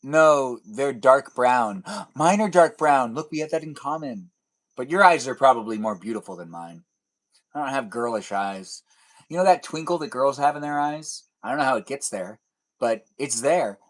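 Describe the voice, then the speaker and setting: A man's voice: medium pitch, animated, normal speed. Man, young adult, live stream chat, teasing, rambling, mid-range voice. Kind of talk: casual live stream chat reading comments.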